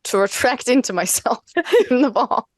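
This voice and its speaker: A woman's voice: fairly high pitch, lively intonation, moderate pace, no echo. A woman playing a tabletop game, hesitant and searching for words. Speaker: player. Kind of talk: casual tabletop play.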